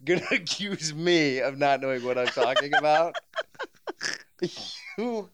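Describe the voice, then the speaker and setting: Low-voiced wry woman co-host. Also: animated, measured pace, fairly bright tone. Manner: wry, laughing, exasperated. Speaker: podcast co-host. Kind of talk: casual chat. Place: home podcast setup in New York.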